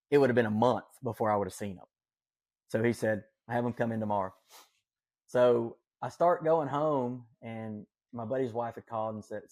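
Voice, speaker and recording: A man's voice: mid-range voice, a little mellow. A man telling a personal story as a podcast guest, earnest and rambling, with many fillers and self-corrections. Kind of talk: casual storytelling.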